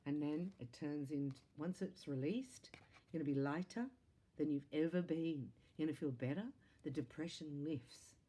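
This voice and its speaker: A low-pitched woman with a warm, mellow voice gives a psychic reading straight to her viewers. She talks in a chatty, excitable way, breaking into laughs and quick exclamations as she goes. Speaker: psychic tarot reader. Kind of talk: spiritual reading monologue to camera.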